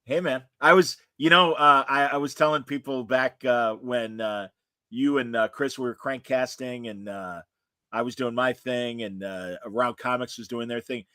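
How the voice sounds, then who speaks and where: A man's voice: mid-range voice, normal speed, pushed and bright, clean tone, dry recording. A man hosting a casual chat show, talking in a rambling way with lots of fillers and restarts. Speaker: host.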